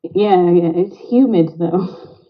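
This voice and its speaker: A woman with a Greater Manchester accent chats on a livestream call, quick to laugh. Her voice sits a little low, and the call audio is dull and lo-fi. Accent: Northern English, Greater Manchester. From England. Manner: chatty, laughs easily. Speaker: caller. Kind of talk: casual chat. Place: garden outdoors in rain.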